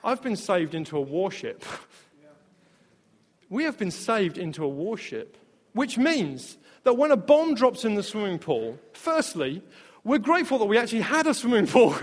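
A male pastor with a high voice preaches to his church, telling stories with energy and laughing along the way. His voice rings through a hall with a long reverb. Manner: storytelling, animated, laughs often. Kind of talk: sermon.

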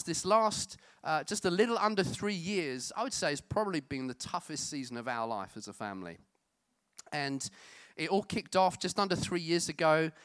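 Chatty pastor, crisp dry sound. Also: male voice, a little high, fairly bright tone, dry recording. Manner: conversational, self-deprecating, with many fillers. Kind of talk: sermon.

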